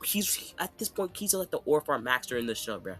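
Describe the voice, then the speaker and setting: A man's voice: a little high, big pitch swings, brisk, fairly bright tone, soft background music. A man casually recapping an anime fight in a rambling, slangy way, often checking in with "okay?". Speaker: anime commentator.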